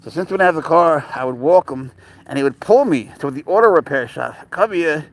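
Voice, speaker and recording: Gravelly man chatting while walking his cat. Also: fairly high pitch, expressive, brisk. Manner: rambling, talks to his cat in coaxing baby talk. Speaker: pet owner live-streaming. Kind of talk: casual live-stream chat. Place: outdoors, walking near a parked car.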